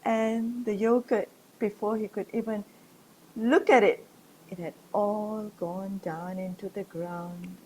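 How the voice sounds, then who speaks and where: A woman telling a folk tale to children online, animated, with gasps and questions inviting listeners to join in. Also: mid-range voice, takes it slowly. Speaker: children's storyteller.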